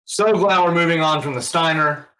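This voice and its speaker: Podcast co-host, man, high-pitched, fired-up and profane. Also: normal speed, bright, forceful tone, low-quality recording. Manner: enthusiastic, profane. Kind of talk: casual chat.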